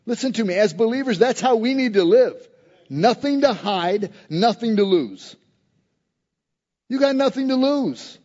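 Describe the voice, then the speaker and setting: A man preaching a lively, conversational sermon, pressing his points hard and slipping into the voices of the people he quotes. His voice sits high for a man, and the recording has a muffled, lo-fi sound. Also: a little slow, in a large hall. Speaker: pastor.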